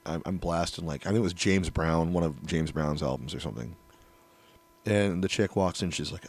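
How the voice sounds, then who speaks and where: A middle-aged man telling a long, crude story in casual chat, swearing freely and getting animated. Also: low-pitched, moderate pace.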